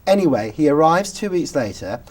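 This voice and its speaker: Lively British man telling stories. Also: a little high, a little fast. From Britain. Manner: animated storyteller who acts out quotes. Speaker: talk show host. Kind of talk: casual chat, telling anecdotes.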